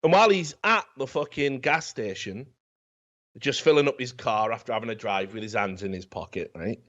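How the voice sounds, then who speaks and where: On a dull, lo-fi recording, this comedic film review podcast host speaks in a mid-range, slightly bright voice that's animated yet at normal speed. He rambles through the plot casually, swearing freely.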